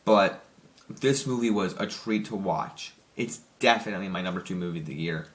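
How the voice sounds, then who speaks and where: Excitable young man rambling through a review. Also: deep voice, normal speed. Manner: rambling, excited, many restarts and "like" fillers. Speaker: film reviewer. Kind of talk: casual spoken movie review.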